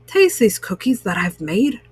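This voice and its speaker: A woman voicing a fretful, excitable male toad with a sweet tooth in a storybook reading, pleading and lively. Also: medium pitch, unhurried, breathy edge, no room sound, pitched below the performer's own voice, full character voice.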